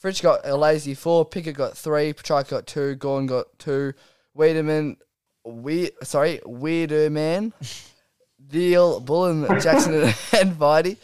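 A man's voice: fairly high pitch, moderate pace, few pauses, darkish tone, clear, resonant tone, no room sound. Laughing Australian man hosting. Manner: laughing, teasing, runs the segment. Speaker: podcast host. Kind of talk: casual podcast banter about football.

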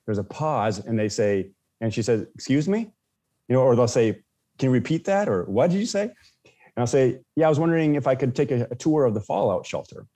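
A man's voice: medium pitch, a little fast, mellow. A man casually telling a personal story as a podcast guest, with many restarts and fillers.

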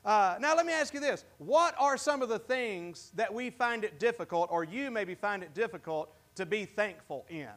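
A pastor with a high-pitched, fairly bright voice and lively intonation speaks from the pulpit. He chats with the congregation, asking them questions, and his delivery is halting, with many restarted sentences.

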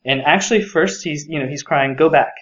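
A man's voice: fairly high pitch, a little fast, a bit bright, highs cut off. A man co-hosting a podcast, talking enthusiastically about a book and rambling with many fillers. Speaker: podcast co-host. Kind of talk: casual book discussion.

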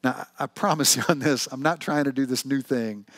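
A man preaching a sermon to his church, telling the story in a conversational, animated way with lots of rhetorical questions. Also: mid-range voice, brisk, no echo. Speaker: pastor.

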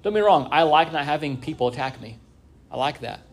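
A man's voice: a little high, lively intonation, fairly quick. A man from Southern California preaching a sermon in a church, conversational, often checking in with the congregation. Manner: conversational preaching with frequent "right?" asides. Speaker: pastor. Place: church sanctuary.

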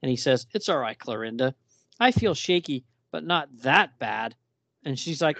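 A man co-hosting a casual podcast, talking through a comic book and reading its dialogue aloud with lively emphasis. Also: mid-range voice, moderate pace, a little hiss or hum.

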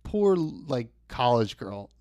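A man's voice: mid-range voice, sing-song, slow pace, a little mellow, no room sound, studio quality. A young man telling a rambling work story in a casual podcast chat, with lots of fillers and laughs. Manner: laid-back, rambling, laughs often, many fillers.

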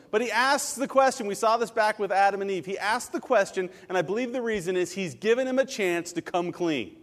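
A middle-aged man, a pastor, preaching a sermon with animated, jokey personal stories. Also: sits high, moderate pace, few pauses, big-room sound. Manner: animated, jokey storytelling with laughs and asides.

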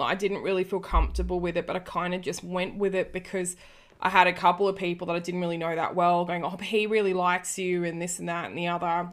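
Chatty woman in her early thirties. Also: on the low side. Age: early 30s. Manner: chatty, rambling storytelling with many restarts. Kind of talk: casual chat.

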